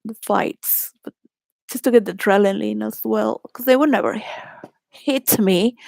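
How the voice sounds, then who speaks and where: A woman's voice: medium pitch, creaky, a little mellow, dry recording, studio quality. A woman from Venezuela telling candid personal stories in a rambling way, laughing often and restarting her sentences.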